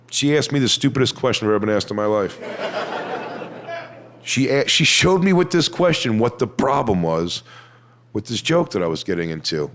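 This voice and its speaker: A man doing a stand-up set, telling a crude story in a deadpan way and mocking other people with put-on voices. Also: mid-range voice. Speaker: stand-up comedian.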